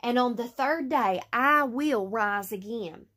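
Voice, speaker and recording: A woman reading Jesus, firm and slow. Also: on the high side, a bit bright. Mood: earnest. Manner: slow, earnest reading aloud. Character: Jesus, grown man, calm and firm teacher.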